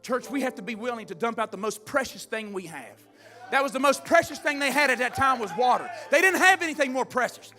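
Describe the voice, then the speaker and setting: A man preaching a sermon, telling stories with fervor and building up to shouts. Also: very high voice, lively intonation, brisk, faint music behind. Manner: fervent storytelling preacher, swells to shouting.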